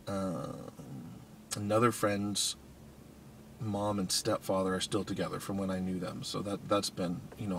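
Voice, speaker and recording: A man with a fairly low voice talks to camera in a loose, rambling morning vlog. He is tired and keeps yawning, and his thoughts wander through ums and restarts. He records on a handheld device, with faint ambient noise behind him. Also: a bit bright. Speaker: vlogger. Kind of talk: casual morning vlog chat. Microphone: iPod Touch camera.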